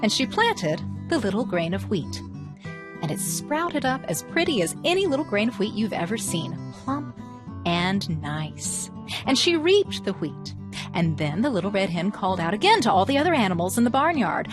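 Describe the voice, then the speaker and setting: A woman teaching and reading children's stories aloud, expressive and asking the listeners questions. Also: medium pitch, normal speed, over music. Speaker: storyteller teacher. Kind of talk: children's story reading and lesson.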